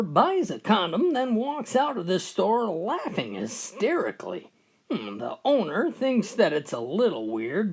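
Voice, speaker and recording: A man telling a countdown of jokes with animated storytelling. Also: fairly high pitch, breathy edge. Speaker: joke teller.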